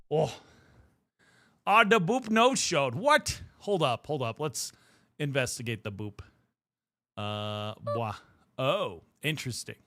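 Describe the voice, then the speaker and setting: A man's voice: on the high side, bright, forceful tone, no room sound. A young man chatting playfully with his viewers as a livestream host, a little out of breath. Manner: playful, chatty, talks to chat. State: mildly out of breath. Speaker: streamer. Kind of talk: casual livestream chat.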